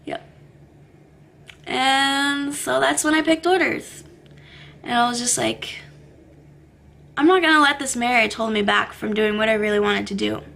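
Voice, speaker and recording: Bright, gravelly-voiced young woman vlogging. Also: on the high side, measured pace, long pauses. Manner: candid, swears freely, lots of fillers. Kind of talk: casual confessional vlog. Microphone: camera mic.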